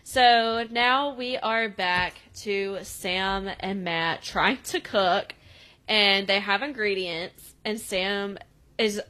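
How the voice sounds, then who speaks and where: A young adult woman recaps a show episode on a podcast in a loose, chatty way. She laughs often and throws herself into quoting the characters. Her voice sits at an everyday middle pitch. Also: slow pace. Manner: animated, laughs often, acts out quoted lines. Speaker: podcast co-host. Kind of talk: casual recap chat, acting out quotes.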